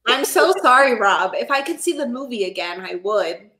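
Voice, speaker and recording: A woman's voice: a little high, animated, normal speed, sharp tone. A young woman co-hosting a podcast in casual chat, talkative and sarcastic, often giggling. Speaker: podcast co-host.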